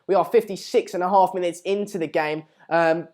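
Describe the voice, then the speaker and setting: A man's voice: high-pitched, fairly even intonation, fairly quick, darkish tone. A man hosting a live football watchalong, chatting casually and reading out viewer comments. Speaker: live stream host.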